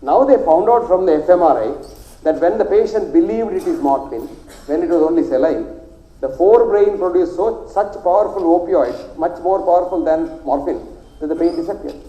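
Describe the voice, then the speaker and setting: A man's voice: high-pitched, normal speed, mellow, roomy sound, poor audio. A man from South India who is a doctor, speaking with a South Indian accent and giving an emphatic, repetitive health lecture.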